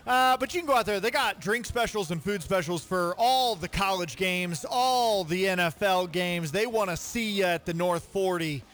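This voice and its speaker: A man co-hosting a sports radio show, chatting casually with animated, jokey outbursts. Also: high voice, moderate pace, few pauses. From central Illinois.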